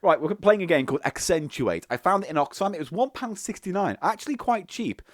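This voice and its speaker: A man's voice: high-pitched, lively intonation, brisk, no echo, clean studio sound. A man co-hosting a podcast in casual chat, playful and rambling, swearing freely. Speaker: podcast co-host.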